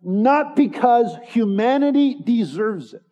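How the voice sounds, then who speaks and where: A pastor with a very high, mellow, animated voice delivers an earnest expository sermon at a slow pace, driving home each point through emphatic repetition. The recording has a long hall reverb and a dull, lo-fi sound.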